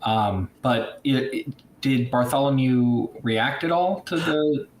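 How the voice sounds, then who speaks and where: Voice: medium pitch, slow pace, slight background noise. A player in a tabletop game who speaks thoughtfully and tentatively.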